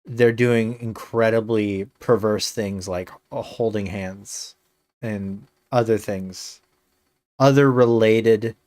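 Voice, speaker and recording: A man streaming a game and chatting with his viewers in a low, unhurried voice. He rambles, fills gaps with ums and uhs, and drops dry jokes. The sound is close and dry. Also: darkish tone, dry recording. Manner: rambling, dry joking with many fillers. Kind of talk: casual live-stream chat.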